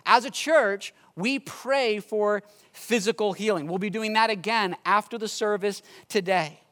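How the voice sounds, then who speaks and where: High-voiced pastor preaching in a reverberant church. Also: male voice, unhurried. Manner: earnest preaching, swells loud on exhortations. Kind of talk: sermon. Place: church sanctuary.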